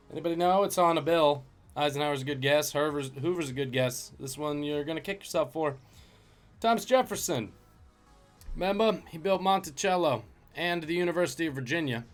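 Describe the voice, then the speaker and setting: A man's voice: on the high side, animated, moderate pace, faint music behind. A man hosting a live-streamed trivia game, joking and chatting with viewers between questions.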